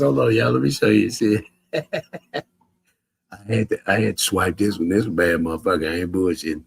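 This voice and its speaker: A man's voice: low voice, normal speed, vocal fry, long pauses, slightly rough. A man in a profane livestream rant, cursing heatedly and mocking his critics with bursts of laughter. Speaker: social media streamer.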